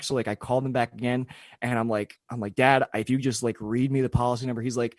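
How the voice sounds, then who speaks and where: A man's voice: mid-range voice, fast talker, no room sound, clean studio sound. A young man telling a long story in casual podcast chat, full of fillers and swearing. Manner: rambling, filler-heavy, swears freely. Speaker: podcast co-host.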